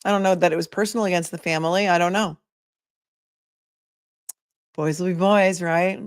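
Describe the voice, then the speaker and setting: A woman with a slightly low voice hosts a casual livestream, talking loosely and musing aloud as she reads viewer comments. The sound is dry and close, with no room in it. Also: steady tone, normal speed, clear, resonant tone, no echo. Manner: chatty, thinking aloud with many asides. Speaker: attorney and commentator.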